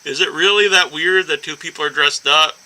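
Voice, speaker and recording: A man's voice: on the high side, brisk, pushed and bright, rough recording. A man hosting a horror podcast, telling stories in a loose, rambling way and laughing often. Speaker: podcast host. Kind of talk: casual chat.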